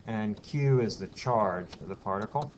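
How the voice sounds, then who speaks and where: A man's voice: on the low side, normal speed. A man giving a physics lecture in a classroom, explaining step by step, putting questions to the class and telling the odd aside. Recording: dull lo-fi classroom recording with faint hiss.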